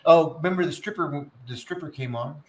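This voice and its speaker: A man's voice: on the high side, a little fast, a little mellow, roomy sound. A man in crude, laughing casual banter, swearing freely and mimicking people he talks about. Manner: profane, laughing, mimics others. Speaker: co-host.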